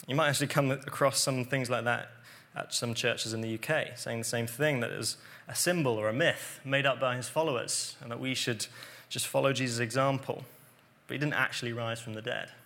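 A man with a gravelly, medium-pitched voice preaches a sermon. He explains scripture earnestly, lowering to a quiet emphasis on the key points.

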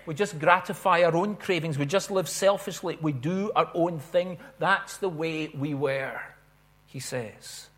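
A man preaching a sermon in an earnest way, swelling and slowing on stressed phrases. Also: a little high, a bit bright.

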